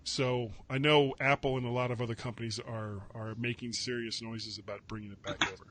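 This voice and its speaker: A man's voice: mid-range voice, little pitch movement, fairly quick, heavy background noise. A man hosting a casual tech news chat, rambling and correcting himself with wry asides. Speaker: podcast host.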